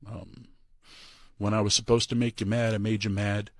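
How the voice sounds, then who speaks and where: A tearful man giving an emotional farewell speech as a departing pro wrestler, halting and full of pauses. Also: on the low side, little pitch movement, dry recording, studio quality.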